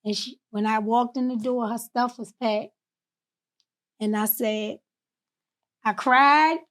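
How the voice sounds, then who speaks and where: This is a woman from Baltimore, a guest on a podcast, recounting her own past in plain, candid words. Her voice sits a little high, and she turns quiet and tender when the memories hurt. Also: fairly even intonation, takes it slowly. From Baltimore, USA. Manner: candid, emotional, drifts soft on painful parts. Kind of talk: personal storytelling.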